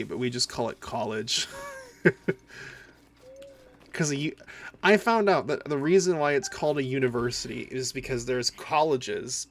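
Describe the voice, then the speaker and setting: A man's voice: mid-range voice, slight background noise. Chatty Minnesotan man streaming a game. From northern United States. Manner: chatty, rambling, lots of "like". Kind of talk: casual live-stream chat.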